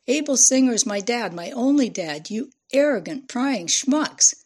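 A woman's voice: on the high side, expressive, measured pace, a little mellow, slightly rough. A woman doing an angry veteran newsman. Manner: angry, scolding, exasperated. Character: indignant veteran male newsman.

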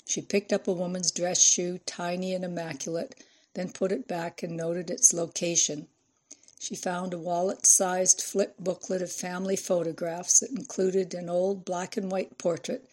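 A woman reading a novel aloud in measured, expressive scripted narration. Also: fairly low pitch. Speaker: audiobook narrator.

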